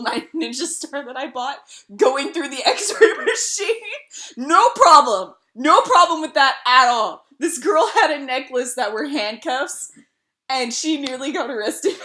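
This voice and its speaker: Young female streamer, high-pitched, animated cursing raconteur. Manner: animated storytelling, swears freely, laughs often. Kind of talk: casual chat.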